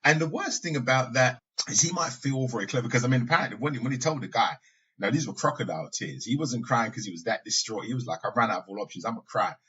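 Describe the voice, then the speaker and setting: A man's voice: mid-range voice, expressive, quick pace, pushed and bright, husky. A man hosting a podcast, talking in a casual, conversational monologue with asides and occasional laughs. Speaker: podcast host. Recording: dull lo-fi sound.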